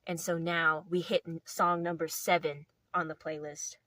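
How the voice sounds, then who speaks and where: A woman's voice: sits low, little pitch movement, normal speed, fairly bright tone, dry recording. A young woman casually telling a playful story to camera, rambling with lots of filler words. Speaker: video host.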